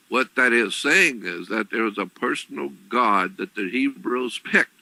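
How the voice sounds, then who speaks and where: A man giving an explanatory talk on religion, deliberate and repetitive, often clearing his throat. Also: medium pitch, expressive, sharp tone, no echo, low-quality recording. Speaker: lecturer on religion.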